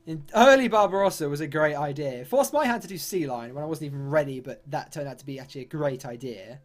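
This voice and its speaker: A man's voice: on the high side, quick pace. A man giving chatty, upbeat let's-play commentary with British slang and mild swearing. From London, England. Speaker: gaming YouTuber.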